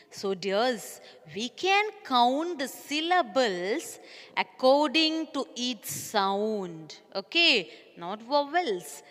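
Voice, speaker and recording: Slow sing-song Indian woman teacher. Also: fairly high pitch, fairly bright tone, big-room sound. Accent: Indian English. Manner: slow, sing-song, drawing out words for young children. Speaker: primary school teacher. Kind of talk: recorded online class lesson.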